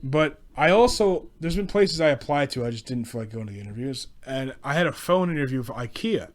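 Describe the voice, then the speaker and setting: A podcast host with a mid-range voice, animated and brisk, rants casually on his own about past jobs. He rambles, swears, and keeps restarting his sentences.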